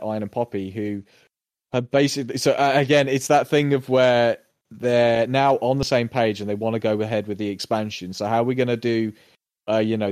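A man's voice: mid-range voice, a little mellow, dry recording. Male co-host, casual rambling recap, dry close sound. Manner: rambling, acts out characters' lines. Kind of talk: casual chat recapping a TV episode.

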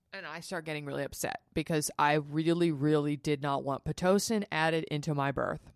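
A woman's voice: low voice, steady tone, fairly quick, hardly any pauses, clean tone, dry recording, clean studio sound. A young woman hosting a podcast, telling a personal story in a chatty, emotional way and acting out the dialogue. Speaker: podcast host. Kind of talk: casual storytelling.

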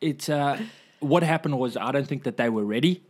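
A man's voice: mid-range voice, normal speed. A man from South Africa talks as a podcast guest. He is dry and offhand, and he plays hard things down with wry understatement. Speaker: guest, stand-up comedian. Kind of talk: casual interview chat.

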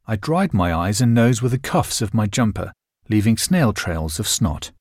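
An audiobook narrator, a man, tells a novel in expressive, scripted storytelling at a normal speed. His pitch roams freely and colorfully through every line, and the sound is dry and close with no room echo.

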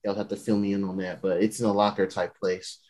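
A man's voice: fairly low pitch, level tone, quick pace, darkish tone. A young man hosting a podcast, casually recapping a show in rambling slang. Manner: slangy, rambling, laughs often. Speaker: podcast host.

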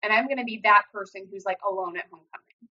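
A young adult woman telling a painful personal story in an earnest, halting way, acting out what others said. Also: mid-range voice, bright, forceful tone. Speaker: guest sharing personal story. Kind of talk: emotional personal account. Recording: dull lo-fi sound.

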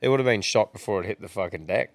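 Laid-back Australian podcast host. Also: male voice, on the low side, fast talker, no room sound. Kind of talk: casual banter.

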